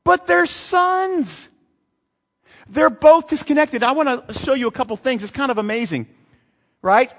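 Pastor guy preaching, high voice swinging all over, lots of rhetorical questions, long echo like a big hall. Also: unhurried, vocal fry, pauses often. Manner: animated, rhetorical questions, reads and retells scripture. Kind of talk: sermon.

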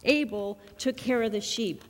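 A woman giving a children's sermon in a church, speaking in a lively, coaxing way and asking the children questions. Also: a little high, moderate pace, big-room sound. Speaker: children's message leader. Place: church sanctuary.

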